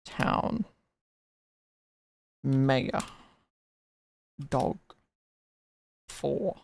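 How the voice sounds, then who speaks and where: Slow, gravelly streamer calling out single words. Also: medium pitch. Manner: slow, one-word guesses with long pauses.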